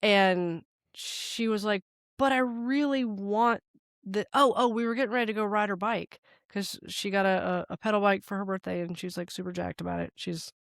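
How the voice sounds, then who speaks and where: A woman's voice: medium pitch, steady tone, fairly quick, gravelly, few pauses, fairly bright tone, dry recording, clean studio sound. A woman in her forties, a podcast co-host in casual chat, telling a story with lots of swearing and rambling asides. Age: 40s.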